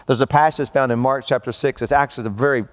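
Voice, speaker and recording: A middle-aged male pastor preaching a sermon in a conversational, emphatic way, swinging between loud rising peaks and slow low stresses. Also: steady tone. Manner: emphatic and conversational, repeating "watch this" and addressing listeners as bro.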